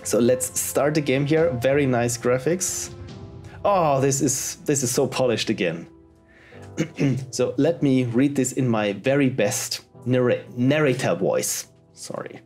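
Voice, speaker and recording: A man's voice: medium pitch, slow, a little mellow, faint music behind. A man casually commenting while he plays indie games, reading on-screen text aloud in a chatty way. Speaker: let's play host.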